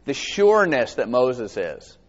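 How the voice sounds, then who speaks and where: Animated male preacher in a reverberant hall. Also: mid-range voice, measured pace. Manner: animated, expressive, asks the congregation questions. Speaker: pastor. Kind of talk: conversational sermon with scripture reading. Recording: dull sound with long hall reverb.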